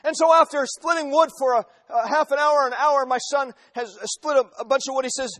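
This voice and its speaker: A man's voice: extremely high pitch, fairly even intonation, brisk, hardly any pauses, a bit bright. A man in his forties preaching a sermon, telling illustrations emphatically and repeating phrases for weight. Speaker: pastor.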